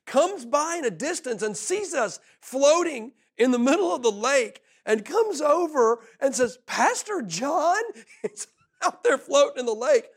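A middle-aged man preaching a sermon as pastor, telling a story with lots of laughter and repeated words. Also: very high-pitched.

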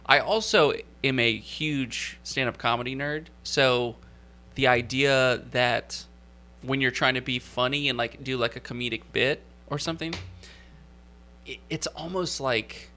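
A man's voice: mid-range voice, steady tone, a little slow, bright, forceful tone, a little hiss or hum. A man co-hosting a casual podcast, talking in long rambling stretches and laughing often. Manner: rambling, laughs often, slips into jokey accents. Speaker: podcast co-host.

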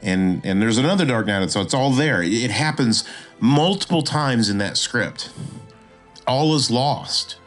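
A man hosting a screenwriting podcast, talking casually and swinging his pitch up and down, with frequent restarts. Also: animated, a little slow, fairly bright tone, soft background music. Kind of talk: casual instructional talk.

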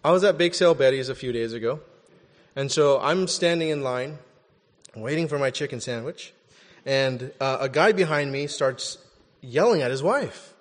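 A man preaching a sermon in an animated, conversational way, often checking in with "right?". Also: medium pitch, moderate pace, big-room sound. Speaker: pastor.

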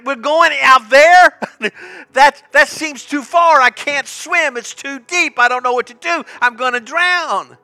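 A man's voice: mid-range voice, fairly quick, sharp tone, voice pushed down. A preacher acting out a panicky, whiny old male prophet who frets and protests. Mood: panicked. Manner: frantic, fretful.

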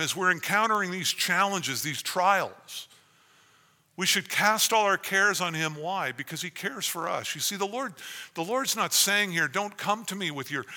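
A man preaches earnestly as a pastor, restarting his sentences often. His voice is high-pitched, bright and forceful, trailed by long reverb.

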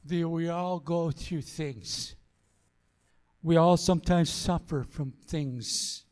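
A man's voice: fairly high pitch, slow pace, a little mellow. A man pastor giving an earnest sermon, repeating phrases for emphasis as he tells a story and then exhorts the congregation.

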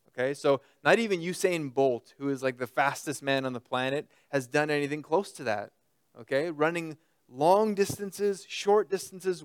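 A man preaching in a relaxed, talky way, often pausing to ask "okay?" His voice is smooth and crisp and sits a little high for a man. The sound is dry and close, with no room echo. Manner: conversational preaching with frequent "okay?" check-ins. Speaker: pastor. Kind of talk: sermon.

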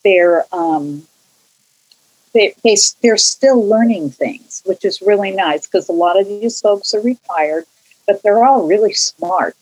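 Her voice sits on the low side, a little mellow and slightly rough, captured in dull-sounding audio. She's an older Californian who sings in a church choir, and in this interview she chats loosely about her musical childhood, restarting often and following tangents.

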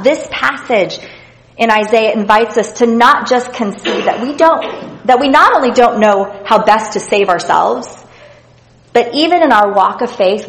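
A woman of medium pitch gives a sincere, thoughtful devotional lesson on the Bible, reading passages of scripture aloud as she goes. The recording quality is poor.

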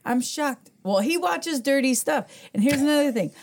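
A woman chatting casually on a podcast, telling lively stories and acting out the lines of the people in them, swearing freely. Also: sits high, fairly quick, slight background noise. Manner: animated storyteller, acts out quotes. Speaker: podcast guest. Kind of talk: casual chat. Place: podcast studio.

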